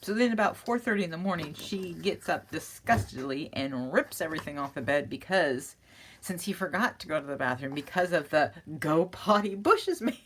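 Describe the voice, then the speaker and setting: Low-voiced chatty woman crafting at home. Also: animated, normal speed, a bit bright, slight background noise. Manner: rambling, chatty, often laughing at her own story. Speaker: crafting channel host. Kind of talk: casual crafting chat.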